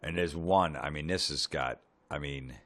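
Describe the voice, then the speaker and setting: Super deep voiced guy doing a sweary deadpan comedy rant, podcast host vibe. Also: moderate pace. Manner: profane, sarcastic, deadpan asides.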